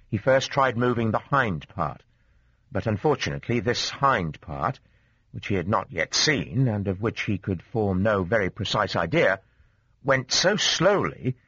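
A man narrating a classic story as an audiobook in an expressive, varied delivery. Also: on the low side, moderate pace, slightly rough, no echo. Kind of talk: scripted narration. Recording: dull dry studio sound.

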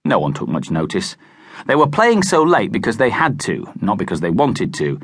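Man, audiobook narrator, expressive, lively intonation, dry booth recording. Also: on the low side, normal speed, husky, no room sound. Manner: expressive, animated storytelling. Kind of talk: scripted narration. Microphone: close studio mic.

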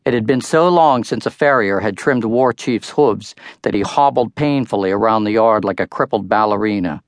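A man's voice: on the low side, normal speed, dry recording. An older man narrating his own book in a wry first-person storytelling manner, close to the mic. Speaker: author-narrator. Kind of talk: audiobook narration.

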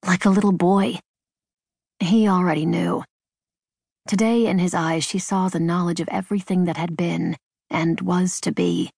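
A woman reading an unabridged novel in measured, even scripted narration. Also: lowish voice, creaky, slightly rough, no room sound. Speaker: audiobook narrator. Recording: dry studio booth.

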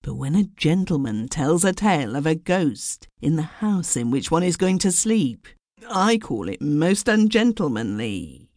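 A woman's voice: low voice, very animated, measured pace, a little mellow, no room sound, clean studio sound, voice pushed up, full character voice. A woman voicing a nervous, touchy man who sounds uneasy and prim. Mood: indignant. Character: nervous, touchy male inn guest.

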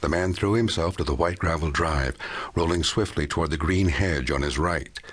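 A man narrating a crime audiobook in a measured, even storytelling manner. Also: extremely low pitch, husky. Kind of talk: scripted narration.

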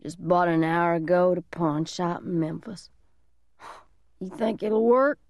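A woman voicing a drunk, unhinged, suicidal large man who taunts in a slow, mocking drawl, in an audiobook reading. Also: lowish voice, a little mellow, dry recording, clean studio sound. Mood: menacing.

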